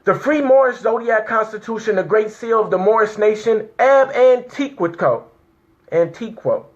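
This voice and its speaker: A man reads a legal declaration to viewers with fervor, tearful and crying out in emotional exclamations. His voice is high and his pace moderate, and the recording's highs are cut off.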